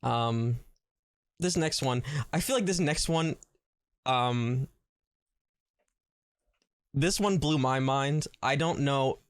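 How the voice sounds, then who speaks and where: A man's voice: medium pitch, slow pace, pauses often, clean tone. A man co-hosting a casual podcast chat, laughing often and teasing playfully. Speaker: co-host.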